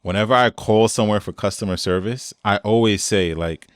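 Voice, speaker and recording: A man's voice: lowish voice, brisk, no room sound, clean studio sound. A man as a podcast guest, telling stories in casual conversation, acting out quotes and laughing often. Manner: animated storyteller, acts out quotes, laughs often.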